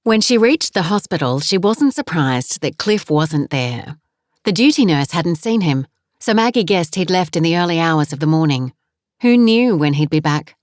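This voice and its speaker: Low-voiced woman narrating a novel. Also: moderate pace, no room sound, clean studio sound. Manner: calm, even storytelling. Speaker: audiobook narrator. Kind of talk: scripted narration.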